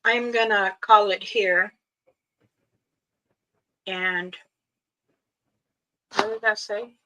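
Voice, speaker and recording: Slow-talking woman hosting a livestream. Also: medium pitch, fairly even intonation, bright, forceful tone, a little hiss or hum, rough recording. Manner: slow, warning, loosely strung advice. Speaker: livestream host. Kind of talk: casual livestream talk.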